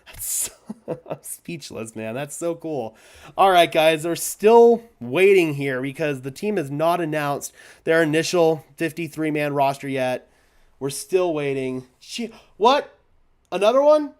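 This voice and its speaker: A young man hosting a fan live stream, stammering and overwhelmed, swinging from hushed thanks to shouting. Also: a little high, animated, unhurried, clear, resonant tone. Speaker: fan channel host.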